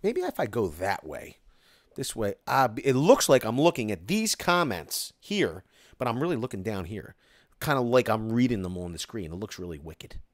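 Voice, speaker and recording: A man hosts a casual live stream, reading viewer comments aloud and riffing on them. His delivery is animated, with lots of rise and fall as he rants. The sound is dry and close, with no room echo. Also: medium pitch, normal speed.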